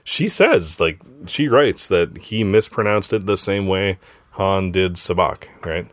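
A man hosting a casual family podcast, relaxed and chatty, often checking in with "right?". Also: low-pitched, a little slow, no room sound. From grew up among Norwegian Americans. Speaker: podcast host.

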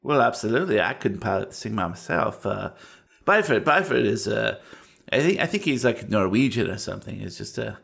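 Gravelly-voiced man joking around as a player. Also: lowish voice, big pitch swings, a little fast, a bit bright. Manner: joking, teasing. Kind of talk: playful in-character banter.

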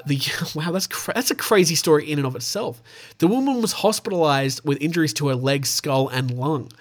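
A man with an Australian accent hosting a casual show, reading out animal news stories and tossing in swearing asides. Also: mid-range voice. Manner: stumbles over names, swears in asides.

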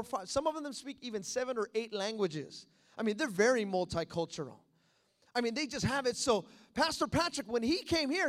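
A man, a pastor in California, telling a lively story to his church with a lot of repetition, and acting out the voices of the people in it. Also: extremely high pitch. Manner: animated, repetitive, acts out voices. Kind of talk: storytelling sermon.

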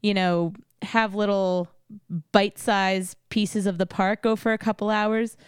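A woman's voice: medium pitch, little pitch movement, measured pace, smooth, dry recording, studio quality. A woman from Texas co-hosting a podcast in a chatty, giggly casual conversation. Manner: giggly, chatty, lots of fillers. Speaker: podcast co-host. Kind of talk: casual chat.

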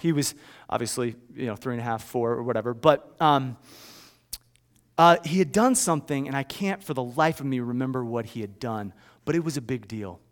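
A pastor preaching a conversational sermon, moving between hushed storytelling and loud, emphatic declarations, with frequent restarts and check-ins with the congregation. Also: male voice, mid-range voice, a little fast.

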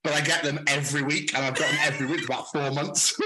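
A man's voice: fairly high pitch, steady tone, fast, background noise. A young British man co-hosting a podcast, chatting loosely, laughing often and swearing freely. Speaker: podcast co-host. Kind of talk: casual chat.

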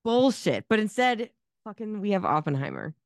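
A woman's voice: fairly low pitch, brisk, smooth, no echo, studio quality. A woman co-hosting a podcast in casual chat, swearing freely and joking sarcastically. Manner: swears a lot, animated and sarcastic. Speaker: podcast co-host.

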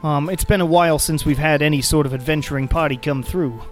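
A man's voice: on the high side, fast, soft background music, natural voice. A man voicing a proud, confident woman, the eldest daughter of a clan, boastful and welcoming, in a tabletop game.

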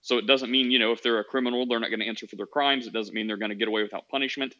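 A man's voice: mid-range voice, steady tone, racing, pushed and bright, highs cut off. A man hosting a casual call-in podcast, talking in a rambling way with many fillers and restarts. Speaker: podcast host.

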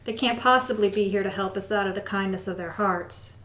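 Man playing a quiet, raised-voice druid priestess, stern and measured, echoey room. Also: sits high, slight background noise, pitched above the performer's own voice. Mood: wary.

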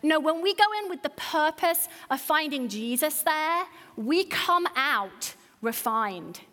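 A woman's voice: high voice, expressive, slow, fairly bright tone. A woman pastor preaching a sermon, earnest and building with repeated phrases. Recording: hall reverb.

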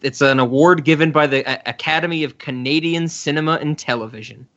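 A man co-hosts a podcast in relaxed, excitable chat and laughs often. His voice is bright and forceful, set a little high. The sound is slightly dull and lo-fi. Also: a little fast. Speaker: podcast co-host. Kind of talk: casual chat.

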